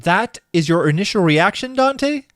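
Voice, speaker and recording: A man's voice: sits high, lively intonation, normal speed, fairly bright tone, no room sound, studio quality. A man hosting a comedic video game critique, narrating a script in a sarcastic, exasperated way. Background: game music.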